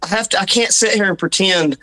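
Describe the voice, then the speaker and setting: A man's voice: high voice, brisk, sharp tone, rough recording. A man with a Southern Appalachian accent, a musician being interviewed, talking casually with restarts and self-deprecating asides. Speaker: musician guest.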